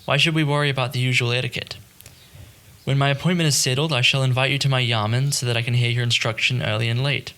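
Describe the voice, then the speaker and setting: A man's voice: medium pitch, fairly even intonation, fast talker, a bit bright, close to an everyday voice. A man voicing a courteous male official in an audiobook, speaking formally and politely. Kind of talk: audiobook character reading.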